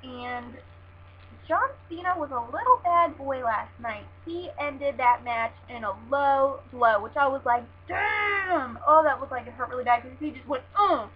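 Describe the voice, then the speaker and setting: A young woman with a fairly high voice chats through her recap in a gushing rush, full of "like" and "oh my God". The recording is dull and lo-fi, with a faint hum underneath. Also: moderate pace. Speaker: wrestling fan vlogger. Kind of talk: casual show recap.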